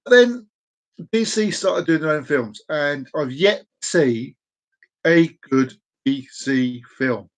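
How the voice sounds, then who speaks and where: A man in his forties rambles through a home live stream with a slightly high voice. He is playful and chaotic, echoing his own phrases and drawing them out. Now and then he breaks into excited whoops. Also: takes it slowly, pauses often. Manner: sudden whoops and excited outbursts. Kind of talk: casual live-stream chat. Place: at home at a desk.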